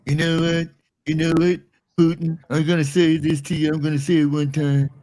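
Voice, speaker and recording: A man's voice: fairly high pitch, little pitch movement, moderate pace, warm tone, natural voice. A man voicing a pompous, self-important politician who repeats himself and grandstands in a comedy impression skit. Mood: fawning. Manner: repetitive, grandstanding.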